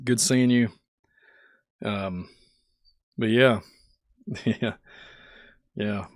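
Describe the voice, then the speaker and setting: A man with a sore, hoarse throat hosting a casual livestream, laughing often as he greets viewers in the chat by name. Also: fairly low pitch, steady tone, extremely slow, no echo, studio quality. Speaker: livestream host.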